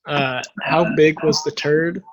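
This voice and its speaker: A man's voice: a little high, fairly even intonation, slow pace, muffled recording. A man co-hosting a casual podcast, cutting in with wry questions. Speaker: podcast co-host. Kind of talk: casual chat.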